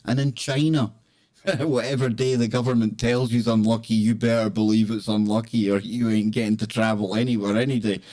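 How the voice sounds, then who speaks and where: A man's voice: on the low side, fairly even intonation, brisk, warm tone. A man hosting a live talk show, reading items and joking around playfully. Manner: jokey, playful, breaks into laughs and exclamations. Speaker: host. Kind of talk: casual live show chat.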